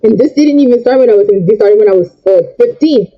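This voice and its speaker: A woman's voice: fairly high pitch, lively intonation, fast, dull audio. A young woman venting in an upset, rambling way while she does her makeup for a vlog. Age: young adult. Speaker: vlogger. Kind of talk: get-ready-with-me rant while doing makeup.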